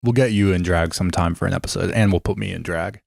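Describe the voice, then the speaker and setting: A man co-hosting a podcast in casual chat, teasing and cracking deadpan jokes. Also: low-pitched, fast talker, gravelly, dry recording, clean studio sound. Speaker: podcast co-host.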